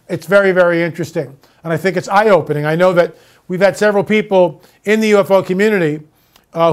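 A man hosting a talk show monologue, speaking emphatically and repeating phrases for effect. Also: high voice. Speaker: host.

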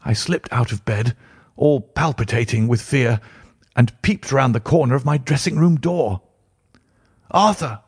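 A husky-voiced man reads a classic first-person tale aloud in a measured, formal way. His pitch sits in an ordinary middle range. The recording is dry and close, with no room sound. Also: a little mellow, dry recording. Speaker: audiobook narrator. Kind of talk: scripted narration of a classic first-person story.

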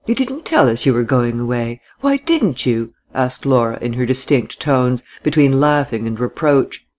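A narrator reads a classic novel aloud at an even, measured pace. The voice sits at a middle pitch.

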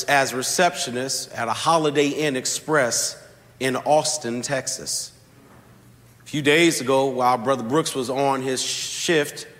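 A man preaching a sermon, telling a story with slow, deliberate emphasis. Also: medium pitch, a bit bright. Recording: long hall reverb.

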